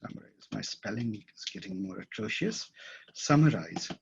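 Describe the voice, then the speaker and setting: A man's voice: lowish voice, animated, normal speed, vocal fry, a little hiss or hum. A man teaching a class at a whiteboard, thinking aloud and often checking that his students follow. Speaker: instructor. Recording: dull lo-fi classroom recording.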